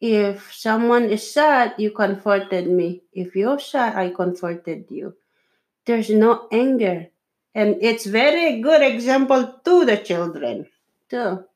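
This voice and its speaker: Slow, earnest woman giving marriage advice. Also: medium pitch, lively intonation, a little mellow. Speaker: podcast co-host. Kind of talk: casual chat with her husband.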